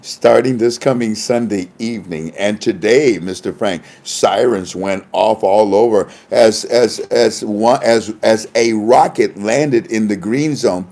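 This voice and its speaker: A man with a mellow, darker voice talks through reports in a casual livestream commentary. He keeps breaking into chuckling asides, trailing off and restarting his sentences, and he records on a phone. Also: lowish voice, takes it slowly, few pauses. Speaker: online commentator.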